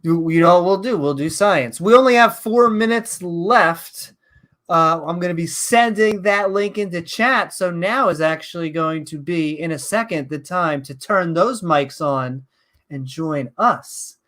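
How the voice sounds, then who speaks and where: A woman's voice: on the low side, unhurried, fairly bright tone. A woman with a Northeastern US accent co-hosting a casual reaction show, talking in a sarcastic, rambling way over an online call mic. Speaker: co-host.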